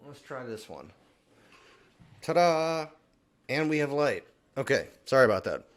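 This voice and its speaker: Man chatting through scripture, low voice. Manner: conversational, often adds a questioning "right?". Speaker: Bible reading plan host. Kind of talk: casual scripture commentary.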